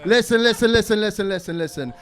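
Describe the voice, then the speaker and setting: A man hosting a live comedy night on stage, calming a rowdy act by repeating himself. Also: high voice, quick pace. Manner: repeats "listen" to calm things.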